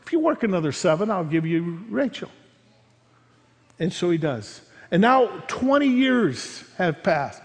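A man preaching a sermon, retelling a story as he voices its figures and swings between loud and hushed passages. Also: sits high, very animated, measured pace, big-room sound. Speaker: pastor.

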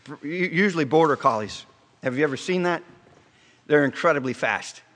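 A man preaching a sermon in a conversational, storytelling way, asking the congregation questions and slowing down to stress key points, with frequent restarts. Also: on the high side, expressive, a bit bright. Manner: halting restarts, slows for emphasis. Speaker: pastor. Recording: long hall reverb.

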